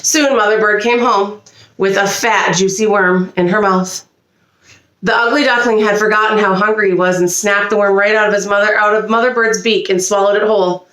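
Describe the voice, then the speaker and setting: A woman reading a children's storybook aloud with expressive delivery and small slips. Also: mid-range voice, moderate pace, roomy sound. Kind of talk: reading a picture book aloud. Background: a child nearby.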